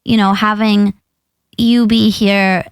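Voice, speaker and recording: A woman's voice: mid-range voice, little pitch movement, slow pace, smooth, no echo. A woman co-hosting a podcast, chatting casually in a playful, giggly, rambling way. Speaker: podcast co-host. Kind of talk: casual chat.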